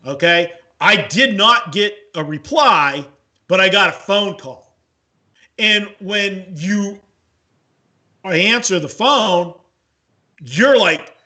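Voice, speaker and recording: A man's voice: high voice, expressive, slow, bright, forceful tone. A man co-hosting a horse racing show, telling a rambling story in casual chat full of fillers. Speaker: co-host, horse racing handicapper.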